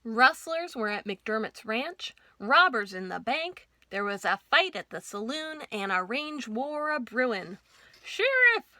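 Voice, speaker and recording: A woman librarian reads a cowboy picture book aloud to children, telling it in an expressive, folksy way. Her voice is high and bright, and she reads unhurriedly. The sound is close and dry. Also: a little slow, hardly any pauses, dry recording. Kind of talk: children's storytime reading.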